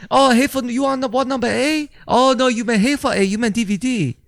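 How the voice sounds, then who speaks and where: Guy doing a squeaky high sing-song caricature voice, way up from his normal, mocking and exaggerated. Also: quick pace, vocal fry. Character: man in a shrill, exaggerated mock-accent caricature.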